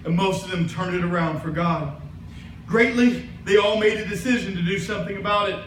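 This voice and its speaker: A man's voice: high-pitched, fairly quick, fairly bright tone, echoey room, far from the mic, slight background noise, poor audio. A man preaching a sermon as pastor, telling a story and building to emphatic preaching. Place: church sanctuary.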